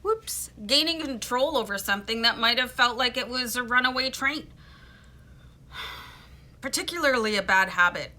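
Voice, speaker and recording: A woman's voice: medium pitch, pushed and bright. A woman giving a casual, chatty tarot reading, informal and playful, with frequent fillers and asides. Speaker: tarot reader.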